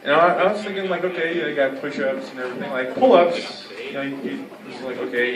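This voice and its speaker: A man's voice: mid-range voice, expressive, crowd noise. Young man rambling through stand-up. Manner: rambling, halting delivery full of "like" and "you know". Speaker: stand-up comedian. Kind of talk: stand-up comedy set. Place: comedy club stage. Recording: echoey room, heard from a distance. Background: audience laughter.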